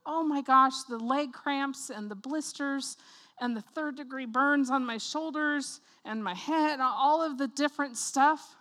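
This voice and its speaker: Woman preacher, high and bright-voiced, lively storyteller in a sermon. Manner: animated storytelling, acts out voices, laughs often.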